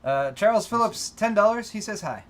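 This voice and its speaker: A man co-hosting a tech live stream, chatting casually and reading out viewer donations in a lifted voice. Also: high voice. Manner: loud, lifted voice for donor names, relaxed and halting in chat.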